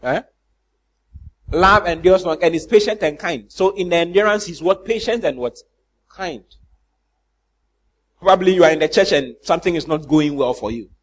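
Animated pastor, high voice. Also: male voice, normal speed, long pauses. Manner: animated preaching with rhetorical questions to the congregation; mimics church members in comic voices. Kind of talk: sermon.

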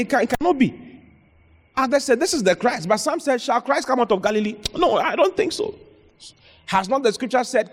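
A man preaching a sermon, reading Bible verses aloud and calling out questions to the congregation. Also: high voice. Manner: exhorting, calls out to the congregation, reads scripture aloud. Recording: long reverb of a hall.

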